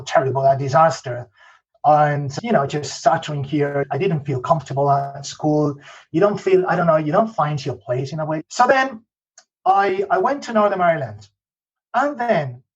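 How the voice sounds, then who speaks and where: A man's voice: a little high, slightly rough. Man, Spanish accent, chatty guest, restarts a lot, dull lo-fi recording. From Spain. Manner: peppers talk with "okay?" and "you know", frequent restarts. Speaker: podcast guest. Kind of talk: casual interview storytelling.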